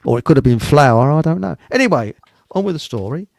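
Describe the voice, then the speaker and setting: A man's voice: a little high, lively intonation, brisk, vocal fry, a little mellow, dry recording. A middle-aged man, hosting a live online show in a rambling, jokey chat and laughing at his own jokes. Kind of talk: casual chat.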